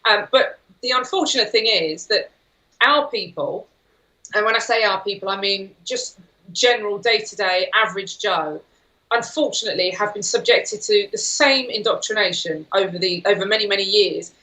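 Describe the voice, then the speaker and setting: A woman speaking as a guest on a political talk show, forceful and indignant. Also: mid-range voice, normal speed, rough recording.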